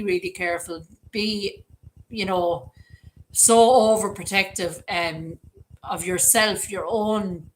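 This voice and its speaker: A woman's voice: mid-range voice, a bit bright, a little hiss or hum, rough recording. A middle-aged Irish woman hosting a livestream, chatting and rambling through stories. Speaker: livestream host. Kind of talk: casual livestream chat reading comments.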